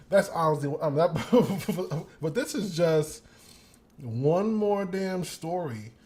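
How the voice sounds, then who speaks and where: A young man hosting a show, telling a story in a casual monologue. He is animated and profane, laughs often, and acts out the quotes. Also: fairly high pitch. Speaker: podcast host.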